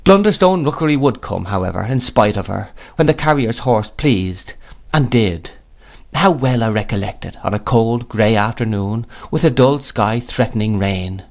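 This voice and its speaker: A man narrating an audiobook of a classic novel in a measured, expressive storytelling manner. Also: fairly low pitch, vocal fry. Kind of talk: audiobook reading.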